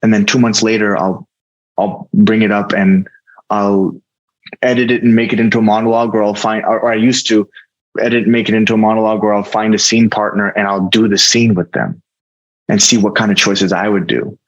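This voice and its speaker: A male actor with an American accent, guesting on a casual interview, talks fairly quickly in a low, level tone. Earnest and reflective, he often restarts his sentences, and the sound is lo-fi.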